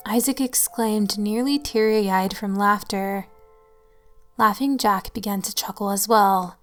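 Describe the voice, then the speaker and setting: Woman storyteller, steady even read, mid pitch, soft music bed. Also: a little slow. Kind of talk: scripted horror narration. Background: faint music.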